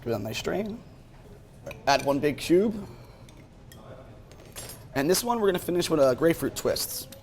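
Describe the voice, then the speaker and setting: A man working as head bartender, giving a friendly, steady explanation of a cocktail at a restaurant bar. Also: on the high side, moderate pace, pauses often. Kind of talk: cocktail demonstration. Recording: faint background noise.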